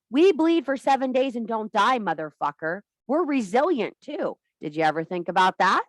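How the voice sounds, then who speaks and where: A woman's voice: fairly low pitch, lively intonation, normal speed, no echo. A woman giving an impassioned, blunt and profane talk to a women's circle as a spiritual teacher. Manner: blunt, profane, emphatic preaching.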